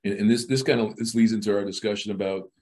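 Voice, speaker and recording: A man's voice: fairly low pitch, steady tone, quick pace, darkish tone. A middle-aged man as a podcast guest, talking casually with many restarts and repeated words. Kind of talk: casual interview talk.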